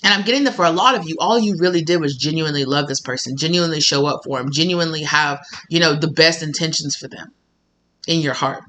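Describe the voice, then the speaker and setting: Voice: medium pitch, quick pace, pushed and bright. A tarot reader giving a casual reading to camera, blunt and sassy, swearing freely and laughing often.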